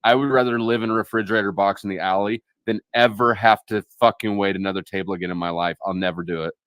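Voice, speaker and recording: A man's voice: fairly low pitch, steady tone, fast, fairly bright tone, no echo. Crude, joking man hosting a stream. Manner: crude, laughing, joking banter. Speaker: stream host. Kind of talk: casual group chat on a live stream. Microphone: online voice call.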